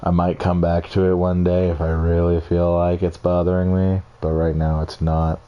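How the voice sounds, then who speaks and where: A young gamer walks through his builds in a casual screen recording, his low, smooth voice monotone at a moderate pace, and the audio sounds dull. He rambles, swears a lot and belittles what he made.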